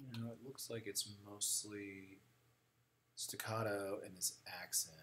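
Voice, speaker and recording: A male teacher runs a live music software demo in a classroom, muttering to himself as he searches the screen. He wanders away from the mic now and then, so the level dips. A faint hiss sits under the recording. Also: on the low side, little pitch movement, a little slow. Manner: thinking aloud, muttering while searching the screen. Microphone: moves around the room away from the mic.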